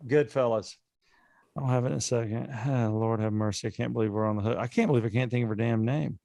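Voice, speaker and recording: Gravelly guy rambling on a podcast, dry close sound. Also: medium pitch, fast, mellow, dry recording. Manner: joking, self-deprecating, rambling. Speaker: podcast co-host. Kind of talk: casual chat.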